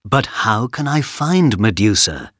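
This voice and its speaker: A brave young hero speaks plainly and firmly, voiced by a male reader. His voice sits low and moves with lively inflection at an unhurried pace. The sound is dry and close. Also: no room sound, heavily acted. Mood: earnest.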